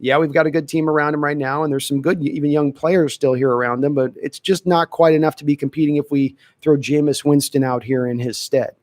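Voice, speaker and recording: A man's voice: a little high, steady tone, brisk, hardly any pauses, a little mellow, no echo. A man hosting a live question-and-answer stream, talking casually and thinking aloud with restarts. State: dry throat. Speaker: podcast host answering chat questions.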